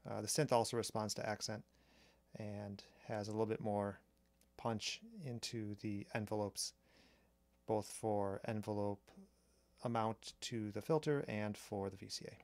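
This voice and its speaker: A man calmly explaining a drum machine's sounds step by step, pausing between phrases as he demonstrates. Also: lowish voice, no echo. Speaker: synth reviewer. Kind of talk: technical demo narration. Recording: strong mains hum on the mic.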